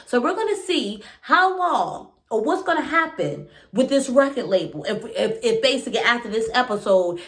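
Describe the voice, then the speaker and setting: A woman giving a casual, animated reaction recap of a reality show, talking fast with lots of fillers and asides. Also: mid-range voice.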